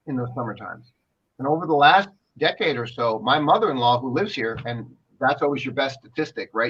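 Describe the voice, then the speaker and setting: A man's voice: mid-range voice, bright, forceful tone, breathy edge, lo-fi sound. A man co-hosting a commentary show, talking emphatically and repeating himself as he rambles. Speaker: co-host. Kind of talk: casual commentary talk show.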